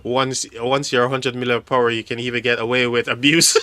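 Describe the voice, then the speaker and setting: A man's voice: medium pitch, fairly even intonation, brisk, hardly any pauses, pushed and bright, faint music behind. A man hosting a casual livestream, reading chat aloud and laughing often. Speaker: livestream host.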